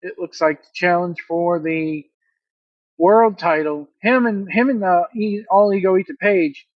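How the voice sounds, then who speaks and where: A man recapping a wrestling show in a casual solo review, blunt and opinionated, with animated play-by-play. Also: sits high, dry recording, dull audio.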